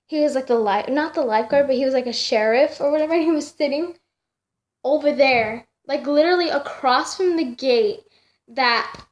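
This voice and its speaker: A young woman with a high, light voice tells a story straight to her camera at home. She rambles and circles back, full of fillers and self-corrections. The feel is loose and chatty. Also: lo-fi sound. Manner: rambling, many fillers and restarts. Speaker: vlogger. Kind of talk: casual storytelling.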